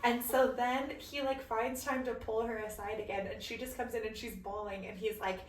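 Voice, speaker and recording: A young woman co-hosting a podcast in casual chat, telling a long story and filling it with "like". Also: a little high. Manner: rambling storyteller, heavy "like" filler, quick bursts. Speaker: podcast co-host. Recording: roomy, mic at a distance, faint noise.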